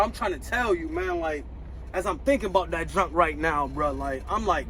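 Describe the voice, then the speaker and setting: A man's voice: on the high side, animated, normal speed, slight background noise, poor audio. A man, a truck driver, telling a story to his viewers in casual slang, repeating phrases and speaking straight to them.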